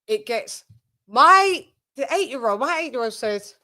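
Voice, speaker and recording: A woman's voice: on the high side, animated, unhurried, bright, forceful tone. A British woman hosting a live stream, chatting casually and telling rambling family anecdotes with frequent swearing. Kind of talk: casual chat.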